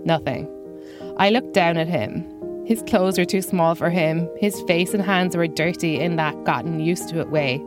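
A woman comedian tells a comic story about herself in a dry, self-mocking tone. Her voice sits a little low. Faint music plays under her. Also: moderate pace. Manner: dry, self-deprecating delivery. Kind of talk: first-person comic storytelling.

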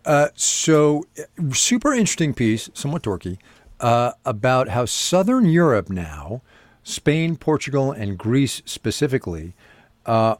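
A middle-aged man co-hosting a podcast in relaxed, chatty talk with plenty of fillers. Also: mid-range voice, dry recording. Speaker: podcast co-host. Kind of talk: casual chat.

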